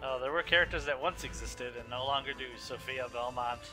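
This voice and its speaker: A man's voice: mid-range voice, quick pace. A young man casually chatting and joking while playing a video game as host. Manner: joking, chatty, laughs easily. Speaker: let's play host. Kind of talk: casual gameplay commentary. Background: faint game music.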